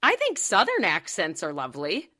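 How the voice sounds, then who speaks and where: Female radio guest, bright lowish voice, giggly, dry close mic. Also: wildly swooping pitch, normal speed, no room sound. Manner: giggly, agreeable. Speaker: regular guest. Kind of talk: casual radio chat.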